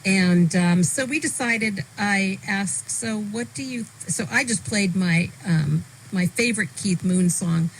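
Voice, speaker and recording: A woman's voice: mid-range voice, slight background noise, low-quality recording. A woman hosting a radio show, chatting enthusiastically with a studio guest. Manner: enthusiastic, chatty, a bit halting. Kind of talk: casual radio interview.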